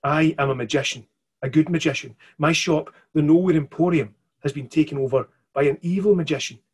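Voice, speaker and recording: Brief: a man playing a frantic, pleading magician on a bad line, husky, storybook reading. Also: on the high side, brisk. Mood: urgent. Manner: urgent, pleading. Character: desperate, hurried good magician man.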